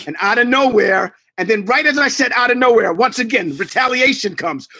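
A man's voice: high voice, brisk, few pauses. A man from New York, a guest telling stories in casual chat, acting out quotes and sound effects. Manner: animated storyteller who acts out quotes and sound effects.

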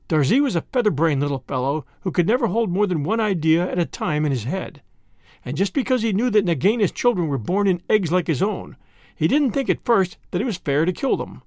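A man giving a dramatic, expressive storybook narration. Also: high voice, a little fast, no echo, studio quality.

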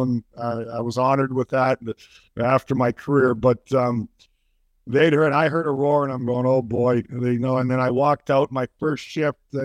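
An older man, a former hockey player, telling a story in an interview, animated and full of restarts. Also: medium pitch, no echo.

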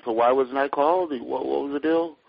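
A man's voice: mid-range voice, gravelly, dry recording. An older man, a guest actor, chatting casually in a podcast interview with a joking, storytelling manner. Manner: joking, storytelling, drawn-out delivery. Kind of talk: casual chat. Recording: dull lo-fi podcast audio.

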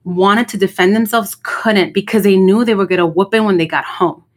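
A middle-aged woman co-hosting a podcast, telling stories in a blunt, profane, animated way. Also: medium pitch, brisk. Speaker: podcast co-host. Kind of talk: casual chat.

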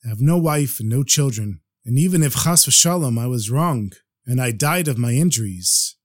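A man's voice: medium pitch, lively intonation, moderate pace, no echo, studio quality, close to an everyday voice. A man voicing a humble wandering barber who speaks plainly and modestly of himself. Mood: earnest. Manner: plain, modest and self-effacing.

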